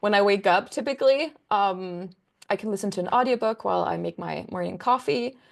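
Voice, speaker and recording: A woman's voice: medium pitch, a little fast, gravelly. A young woman, a book content creator, chatting as a guest in a casual interview, rambling enthusiastically with lots of fillers.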